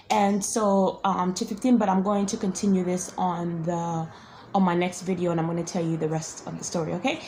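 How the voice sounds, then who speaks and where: Woman vlogger, rambling storyteller, mid-pitched voice, roomy echo with faint hiss. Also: a little mellow. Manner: rambling, full of restarts and asides. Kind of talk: casual storytelling vlog. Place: hotel room.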